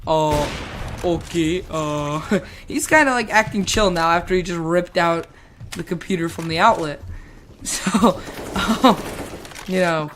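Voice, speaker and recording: A woman with a somewhat low voice tells a rambling story while she plays a game, swearing and laughing along the way. She jumps into the voices of the people she describes. A faint hiss and the click of a mouse sit behind her. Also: measured pace, pauses often, a bit bright. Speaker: gamer telling a school story.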